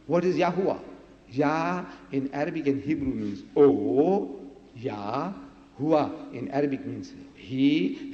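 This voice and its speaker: A man giving a religious lecture, his fairly high voice pressing home points with rhetorical questions and repeated words. The sound is dull and lo-fi. It rings through a roomy hall with a long echo. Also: dark tone. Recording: echoey lo-fi hall recording.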